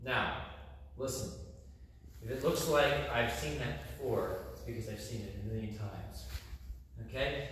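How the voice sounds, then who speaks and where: A man's voice: mid-range voice, measured pace, long pauses, a bit bright, a little hiss or hum. Male martial arts instructor, casual and chatty, phone-recorded in a big reverberant studio. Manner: chatty, repeats "okay?" to check in, restarts often. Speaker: taekwondo instructor. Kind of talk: casual spoken class instruction. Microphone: phone camera held by a helper. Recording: echoey hall, long reverb.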